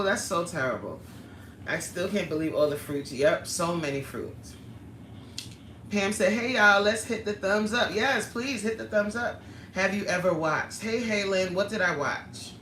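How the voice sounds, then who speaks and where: Woman livestream host, lively bright voice, laughing chat with viewers, echoey room. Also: fairly low pitch, a little hiss or hum. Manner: chatty, reads viewer comments aloud with laughter. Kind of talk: casual live-stream chat.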